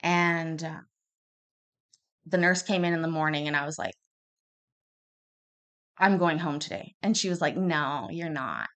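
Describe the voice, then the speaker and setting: A woman in her thirties telling a personal story in a casual, rambling way, restarting often and acting out quoted lines loudly. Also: low-pitched, a little slow, long pauses. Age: 30s. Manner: chatty and rambling, with many restarts; acts out quoted lines with sudden bursts of loudness. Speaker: podcast host.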